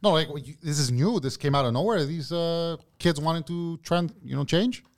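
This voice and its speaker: A man's voice: fairly high pitch, moderate pace. A man co-hosting a casual podcast, throwing in joking remarks and calling everyone "bro". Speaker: podcast co-host.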